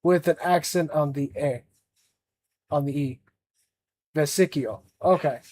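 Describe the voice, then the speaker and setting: A man's voice: a little high, unhurried, darkish tone. A young man chatting casually on a livestream as an art streamer, rambling with lots of fillers and restarts.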